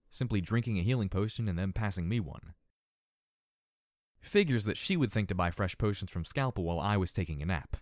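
A man narrating an audiobook in an expressive, dramatic way. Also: lowish voice, no echo, studio quality.

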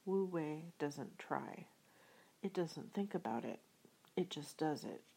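A woman reading an audiobook in a soft, half-whispered way. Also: low voice, animated, takes it slowly, creaky, husky, poor audio. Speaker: audiobook reader. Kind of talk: audiobook narration.

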